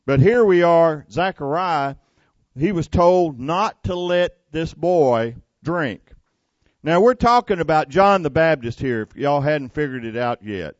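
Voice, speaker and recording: Preacher guy, slow folksy sermon, kinda high voice, muffled dry sound. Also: no room sound. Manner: folksy, conversational, animated preaching.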